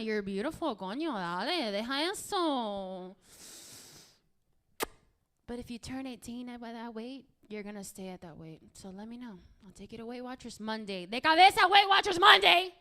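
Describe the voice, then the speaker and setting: A woman voicing a loud, blunt, tactless middle-aged mother who yells and mixes in Spanish, in a stand-up comedy bit. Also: a little high, moderate pace, clean tone, close to an everyday voice. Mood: scolding.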